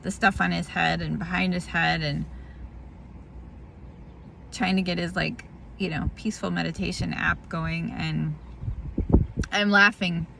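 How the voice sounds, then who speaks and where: A woman's voice: lowish voice, steady tone, unhurried, gravelly, long pauses, background noise. A tired woman talking candidly in a casual spoken diary, rambling and laughing through a hard family moment. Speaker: vlogger sharing a family update.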